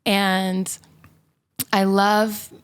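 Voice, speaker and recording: A woman's voice: medium pitch, flat delivery, very slow, clear, resonant tone. Young woman, podcast guest, open and reflective, casual filler-laden chat. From Mississippi. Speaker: podcast guest, singer-songwriter.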